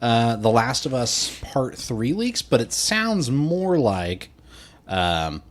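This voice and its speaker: A man's voice: medium pitch, sing-song, takes it slowly. A man co-hosting a podcast in casual chat, laughing often and acting out quotes in silly voices. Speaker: podcast co-host.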